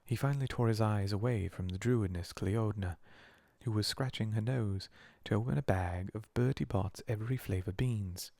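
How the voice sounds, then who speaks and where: A man reading a storybook aloud as a whispered role-play, slow and soothing. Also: lowish voice, vocal fry, dark tone, dry recording. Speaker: narrator.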